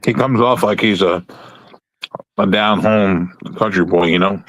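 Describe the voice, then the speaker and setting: A man with a lowish voice drops blunt, sardonic lines into a casual podcast chat. The recording is dry and close. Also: measured pace, a bit bright, dry recording. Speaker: podcast co-host.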